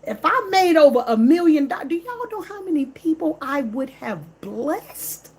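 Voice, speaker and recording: A woman's voice: sits high, sing-song, unhurried, darkish tone. A woman, vlogging in an emphatic, repetitive, slangy rant straight to camera. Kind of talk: casual direct-to-camera rant.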